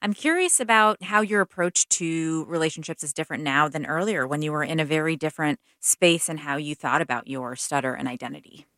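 A woman hosting an interview, asking measured, long questions. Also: deep voice, sharp tone, no room sound. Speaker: interview host.

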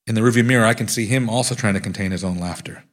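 Husky man reading his memoir. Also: on the low side, racing. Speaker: author. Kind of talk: reading his own nonfiction aloud.

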